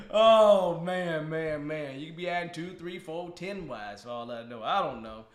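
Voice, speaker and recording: A man's voice: fairly high pitch, lively intonation, slow pace, fairly bright tone. A man hosting a casual live stream with a guest on a video call, joking, teasing and laughing often. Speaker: podcast host. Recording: roomy echo.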